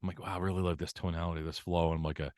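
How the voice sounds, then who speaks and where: Low-voiced man, animated and laughing. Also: very fast, no echo, clean studio sound. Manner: animated storyteller, laughs often, bursts into a higher showman voice for quotes. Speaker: voice actor guest. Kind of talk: casual interview chat.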